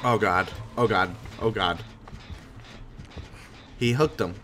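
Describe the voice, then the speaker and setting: A man's voice: fairly low pitch, takes it slowly. A young man commenting on his own game as he plays it, easily spooked and breaking into panicky yelps. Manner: jumpy, panicky reactions with sudden yelps. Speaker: gaming channel host. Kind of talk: let's play commentary.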